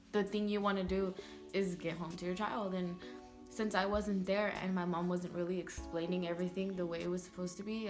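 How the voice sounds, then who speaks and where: Rambling young woman vlogger, music behind. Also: lowish voice. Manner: rambling, heavy use of "like" fillers. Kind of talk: emotional personal storytelling.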